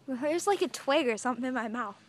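A young woman chatting playfully with a friend outdoors, narrating what happens and telling an animated story. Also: sits high, quick pace, crowd noise. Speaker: friend filming a home video. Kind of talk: casual chat between friends. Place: outdoors on a tree swing.

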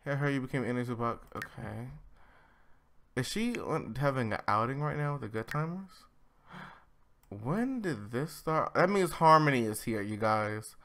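A young man hosting a let's play, giving casual and excitable commentary as he bosses his game characters around with mild swearing. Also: medium pitch, moderate pace. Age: young adult.

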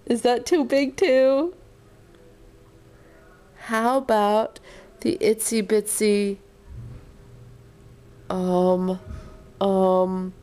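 A young mother talking softly to her sick son, coaxing him with gentle, sing-song questions. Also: on the high side, clear, resonant tone. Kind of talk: tender talk to a sick child.

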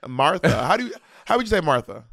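Fast, gravelly man teasing his co-host. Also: sits high, big pitch swings, sharp tone, no room sound, studio quality. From Southern United States. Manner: teasing, quick-talking, playful. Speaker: podcast co-host. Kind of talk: casual chat.

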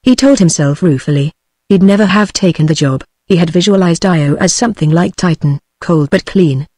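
A woman's voice: on the low side, moderate pace, dry recording, clean studio sound. Synthetic British female audiobook narrator. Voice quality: synthetic text-to-speech voice. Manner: flat, even reading. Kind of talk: scripted narration.

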